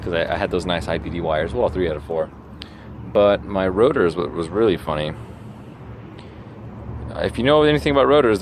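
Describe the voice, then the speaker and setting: Man, low voice, rambling garage vlog, chatty asides, faint background noise. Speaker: classic car restorer. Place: garage workshop at night.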